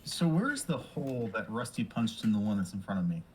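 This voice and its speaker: A man playing a tabletop game, calmly describing his character's actions. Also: fairly low pitch, a little fast, slight background noise, rough recording. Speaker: player. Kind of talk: casual tabletop play.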